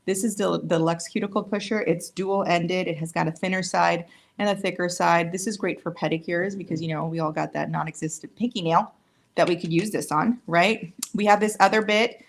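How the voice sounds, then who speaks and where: With a fairly low voice and some vocal fry, this woman casually demos nail products live while working. She talks a lot, seems slightly worn out and jokes about herself as she goes.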